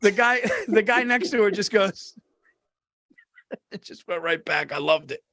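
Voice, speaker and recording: Guy on a podcast, pretty high voice, rambles thru stories, cracks himself up, swears a bunch. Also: lively intonation, measured pace, sharp tone. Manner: rambling storyteller, laughs through stories, swears a lot. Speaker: podcast co-host. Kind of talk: casual chat.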